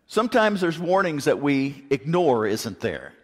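A man preaching a sermon in a folksy, joking, animated way, mixing stories with scripture. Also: a little high, measured pace. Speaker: pastor. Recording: long hall reverb.

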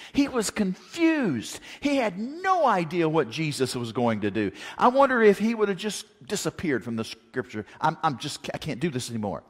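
A man preaching a sermon, animated, asking rhetorical questions and acting out the quotes he tells. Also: high-pitched. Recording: long reverb of a large hall.

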